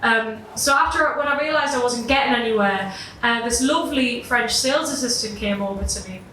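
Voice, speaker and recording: Performing live at a gig, a young woman from Britain laughs her way through a self-deprecating personal story, swearing casually as she goes. She sounds a little high, brisk, bright and forceful; the echoey room puts her voice far off, with a bit of hiss or hum.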